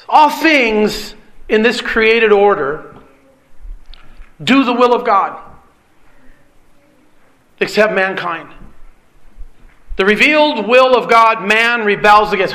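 Hoarse preacher, bright strained voice. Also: male voice, high voice, lively intonation, slow pace, long pauses. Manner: earnest, rhetorical questions, frequent throat clearing. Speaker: pastor. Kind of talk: expository sermon.

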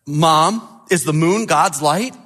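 A man's voice: on the high side, slow pace, a bit bright, pitched above the performer's own voice. A man voicing an innocent four-year-old girl in a sermon story. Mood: curious. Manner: earnest questioning.

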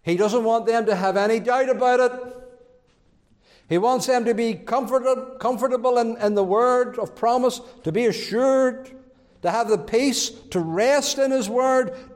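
High-voiced, slow-preaching man in a reverberant church. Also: darkish tone. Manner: emphatic preaching with swells in pitch and many repetitions. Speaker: pastor. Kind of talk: sermon.

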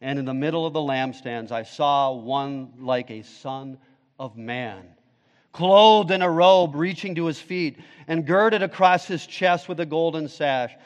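A male pastor preaching a sermon, with dramatic swings from booming declarations to hushed, low phrases. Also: unhurried. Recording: long reverb of a large hall.

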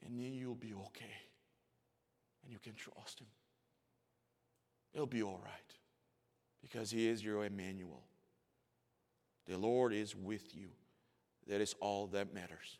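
A pastor in his forties delivers a sermon, moving from hushed, nearly whispered storytelling to loud, climbing emphasis. His voice sits lowish with fairly even intonation, a measured pace and long pauses, and his English phrasing is slightly non-native. The recording carries a long hall reverb.

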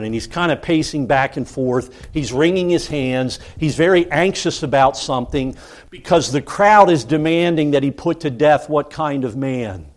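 A man delivers a sermon at an unhurried pace, his voice sitting a bit higher than most men's. He swings from loud, dramatic cries down to quiet, solemn reflection. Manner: slow, dramatic preaching that swings from loud cries to hushed tones. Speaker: preacher.

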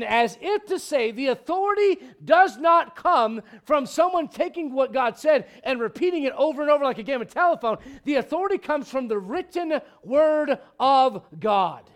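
Bursts of high-pitched emphasis mark this middle-aged pastor's animated midweek Bible study sermon. He keeps things conversational, tossing quick joking asides to his congregation.

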